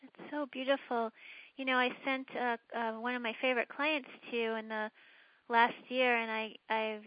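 A woman host who listens with soft brief responses and then speaks eagerly in praise of her guest. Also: a little high, steady tone, normal speed, dry recording. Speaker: podcast host. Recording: dry, dull lo-fi sound.

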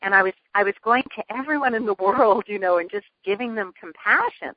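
A woman guest telling a personal story in an interview, earnest and lively, laughing often. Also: medium pitch, a little fast, dry recording. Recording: dull lo-fi phone line.

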